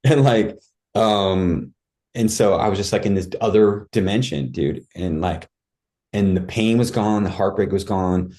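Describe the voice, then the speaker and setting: A man with a fairly low, warm, relaxed voice tells a personal story as a podcast guest. He speaks casually and vividly, acting out his own cries as he goes. His talk is full of "like" and "dude.". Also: measured pace.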